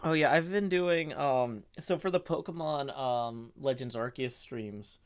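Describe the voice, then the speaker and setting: A man's voice: medium pitch, measured pace, smooth. A man hosting a casual live stream, rambling and hesitant with lots of fillers while reading out chat. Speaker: streamer and host.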